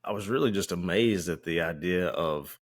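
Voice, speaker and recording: Man, very low voice, podcast co-host, relaxed storytelling, acts out quotes. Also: normal speed. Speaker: firefighter. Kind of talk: casual conversational storytelling.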